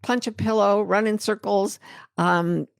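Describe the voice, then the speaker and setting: A middle-aged American woman hosting a live talk, reading viewer questions and a poem in a gentle, reflective way. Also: mid-range voice, fairly even intonation, a little slow, vocal fry, clean tone, no room sound, studio quality. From United States. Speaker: host answering viewer comments.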